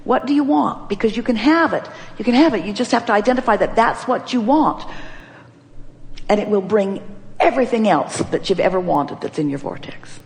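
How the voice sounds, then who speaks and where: Woman, inspirational seminar speaker, emphatic, playful, repeats questions, mid-pitched. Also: expressive, brisk, darkish tone. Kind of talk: live seminar talk to an audience.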